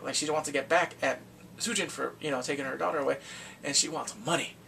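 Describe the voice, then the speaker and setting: Gravelly man recapping a drama, animated. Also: a little high, far from the mic, a little hiss or hum. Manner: animated, acts out quotes from the show in quick bursts. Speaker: drama reviewer. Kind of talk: casual recap.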